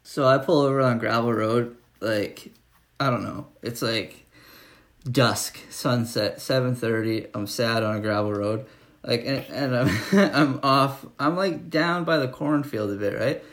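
Guy, young, mid-pitched, loose profane storyteller, casual chat. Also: measured pace, fairly bright tone. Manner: profane rambling storyteller, frequent laughs.

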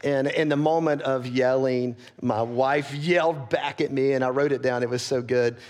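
A man preaching a sermon as pastor, earnest and candid, often checking in with his listeners and growing soft and quiet when he gets personal. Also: mid-range voice, fairly even intonation, normal speed. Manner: earnest, candid, asks the congregation for agreement.

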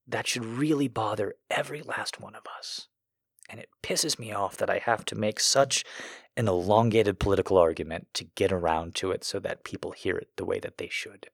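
A very deep-voiced man delivering a fired-up political rant, swearing freely and letting his emotions show. His voice sits low, close and dry, with no room around it. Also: moderate pace, vocal fry, breathy edge, no echo. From United States. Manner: heated, profane, emotional. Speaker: political commentator.

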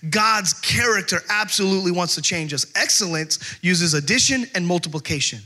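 Bright-voiced man preaching a casual sermon. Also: high-pitched, fairly quick. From California. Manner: conversational, animated storytelling with many fillers. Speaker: pastor.

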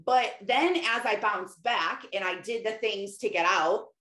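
A middle-aged woman talking casually about faith, rambling and chatty with lots of "like" and quick laughs. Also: mid-range voice, a bit bright. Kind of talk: casual faith-based monologue. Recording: roomy echoey room.

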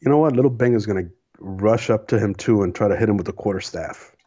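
A man calmly plays his turns in a tabletop game, stating his rolls matter-of-factly. His voice is low and husky. The recording sounds dull and lo-fi. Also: fast talker. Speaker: player. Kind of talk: casual tabletop play.

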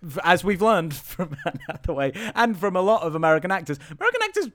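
A man's voice: sits high, big pitch swings, fast, a bit bright, no room sound. A British man co-hosting a casual film review podcast, laughing often and putting on voices for quotes. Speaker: podcast co-host.

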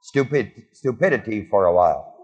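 A man's voice: lowish voice, expressive, normal speed, darkish tone, breathy edge, lo-fi sound. A man preaching a sermon, quizzing his congregation with call-and-response questions. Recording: long hall reverb.

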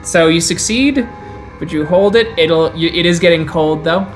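A man narrating as storyteller of a tabletop game, dramatic and slowing down for eerie scenes. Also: on the high side, faint music behind.

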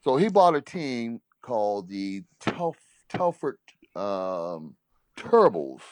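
A man, a former basketball player, telling a casual anecdote in an animated way, laughing often and repeating "he said". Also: fairly low pitch, slow, slight background noise.

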